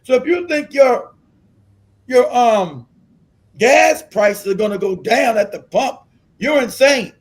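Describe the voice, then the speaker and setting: Streamer host, man, high voice, profane combative rant. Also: animated, slow pace, long pauses. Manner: profane, combative ranting, shouts at times. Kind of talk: ranting live-stream commentary.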